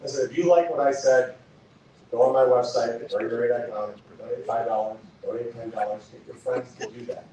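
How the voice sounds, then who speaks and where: A man delivers a fired-up campaign speech, firing off rhetorical questions at the crowd. His voice sits at an ordinary pitch for a man. It is heard from a distance in a very echoey hall, with faint noise behind. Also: steady tone, brisk, mellow. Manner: impassioned, punchy rhetorical questions. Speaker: political candidate. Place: event hall. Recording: echoey hall recorded from far off.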